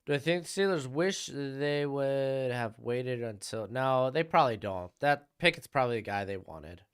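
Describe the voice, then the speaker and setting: A young man hosts a live stream from home and chats offhand about each pick while answering questions from his viewers. His pitch swings up and down a lot as he talks. The voice comes through clean and smooth. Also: expressive, normal speed. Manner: chatty, answers chat questions, offhand opinions. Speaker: live stream host reacting to draft. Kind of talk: casual live-stream commentary.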